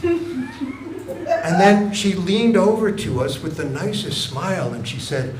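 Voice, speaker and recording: An older man doing stand-up comedy in a mock-innocent, deadpan storytelling manner on a club stage with a handheld mic. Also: high-pitched, slow, a crowd in the background. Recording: echoey club with audience noise.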